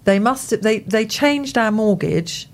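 A woman's voice: fairly high pitch, animated, takes it slowly. A woman, co-hosting a radio show in casual, rambling on-air chat and laughing easily.

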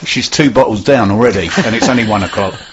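A man's voice: on the low side, fast talker. A man hosting a local radio show, bantering and teasing his co-host in a sarcastic way. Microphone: studio microphone. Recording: dull local radio studio sound.

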